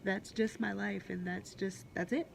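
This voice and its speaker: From a hospital room, a late-twenties woman vlogs bluntly and candidly, swearing freely. Her gravelly, mid-range voice stays fairly even and unhurried, and faint hospital sounds can be heard behind her.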